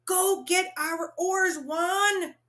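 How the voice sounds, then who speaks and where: A woman's voice: very high-pitched, very animated, takes it slowly, pushed and bright, voice pushed up, heavily acted. A woman voicing a stern but loving father who gives firm, urgent commands, in a storybook read-aloud.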